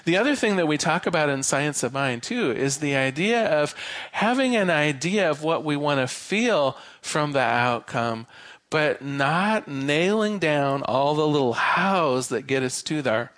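A man minister giving a sermon, an animated storyteller who shifts between quick and slow delivery. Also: a little high, no room sound. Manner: animated storyteller, varies his pace.

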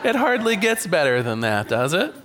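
Man preaching a sermon, conversational, joking, lively pitch, slightly high voice. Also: normal speed, a faint crowd, a little hiss or hum. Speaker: minister.

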